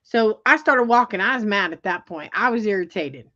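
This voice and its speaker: Animated woman telling a story, lo-fi. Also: medium pitch, normal speed. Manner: animated, exasperated storyteller with fillers and restarts. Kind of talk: casual storytelling chat. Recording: dull lo-fi sound.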